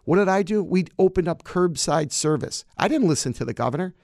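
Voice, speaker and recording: Emphatic politician, high voice. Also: male voice, lively intonation, a little fast, darkish tone, dry recording, studio quality. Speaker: county clerk. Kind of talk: campaign interview answers.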